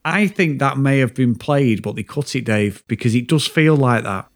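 A man co-hosting a casual podcast, swearing freely as he retells scenes with lively energy. His voice sits at an ordinary middle pitch. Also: moderate pace. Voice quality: sweary, animated storyteller. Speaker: podcast co-host. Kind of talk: casual chat reviewing a TV show.

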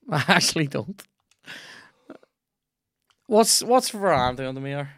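A man chats casually while playing a video game, swearing freely and reacting out loud to the match. His voice is gravelly and sits at an ordinary middle pitch. The sound is close and dry. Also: expressive, slow pace, no room sound. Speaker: podcast host.

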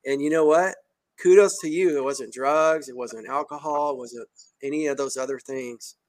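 A man hosting a podcast, talking in a casual, emphatic and excitable way with slang. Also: medium pitch, moderate pace, no echo. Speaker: podcast host.

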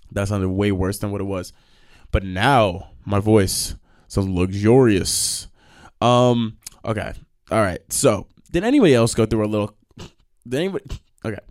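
A young man hosting a podcast, telling stories in a casual, profane rant with sudden loud outbursts. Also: medium pitch. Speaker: podcast host.

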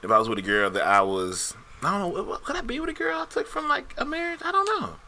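A man's voice: very high-pitched, sing-song, fast, pushed and bright. A man hosting a podcast in a casual chat, talking bluntly and profanely with a joking edge, into a studio podcast mic. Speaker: podcast host.

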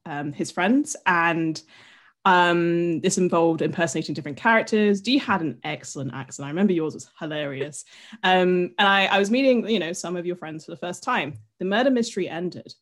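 A woman from Britain with a British accent, in casual podcast chat, telling stories in an upbeat, animated way. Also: lowish voice. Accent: British English. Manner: storytelling, upbeat, animated quoting.

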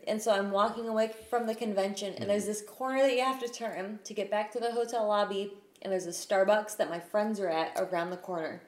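A woman hosting a casual chat, telling profane, animated stories about meeting celebrities. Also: mid-range voice, a little fast. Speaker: podcast host. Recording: echoey room, faint noise.

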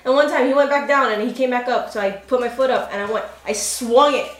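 A woman's voice: on the high side, fast talker. A young woman with a Hawaii Pidgin accent telling a story with lots of laughs in a casual podcast chat. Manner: animated storytelling, laughing often. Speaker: podcast co-host. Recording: echoey room, lively group around.

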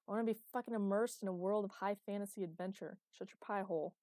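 A woman's voice: medium pitch, quick pace, dry recording, lightly acted. A woman voicing a brash, crude young man. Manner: loud, mocking and crude.

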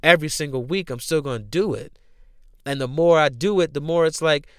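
A man's voice: a little high, brisk, clean tone, no room sound, clean studio sound. Profane, emphatic man hosting a podcast. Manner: profane, repetitive, slangy and emphatic. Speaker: podcast host. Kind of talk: casual motivational talk.

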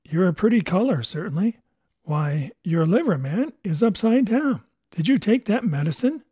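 A man voicing a fearless, educated ship's doctor who talks crisply and scolds dryly. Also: sits high, expressive, normal speed, warm tone, dry recording, studio quality. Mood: brisk. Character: brisk, fearless male ship's doctor, gentleman.

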